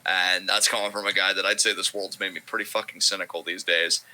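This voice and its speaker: A man's voice: low voice, steady tone, fairly quick, bright, forceful tone, slight background noise, low-quality recording. A man co-hosting a stream, chatting casually while gaming, loose and rambling with lots of filler words. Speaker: co-host of a wrestling talk stream.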